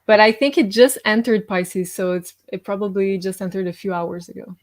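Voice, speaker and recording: Female astrologer, plain and to the point, middle pitch. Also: normal speed. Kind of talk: explaining astrology on a livestream.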